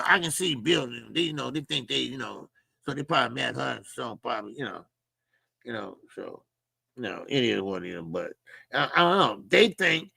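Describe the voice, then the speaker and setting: A middle-aged man hosting a boxing talk channel rants casually and profanely in a casual commentary monologue, often mimicking people in a mocking voice. His voice is fairly high, gravelly, pushed and bright, slightly rough, with no echo.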